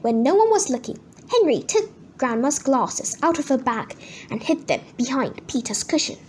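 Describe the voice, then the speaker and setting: A woman reading a children's book aloud in an expressive, sing-song way. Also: high voice, normal speed, slight background noise. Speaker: storybook reader.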